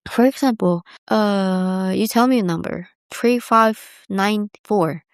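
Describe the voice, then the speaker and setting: A woman's voice: medium pitch, slow pace, smooth, no echo, clean studio sound. A young woman hosting a podcast alone, talking candidly and rambling, filling her sentences with "like". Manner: candid, rambling, heavy use of "like". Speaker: podcast host. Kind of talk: casual solo confessional talk.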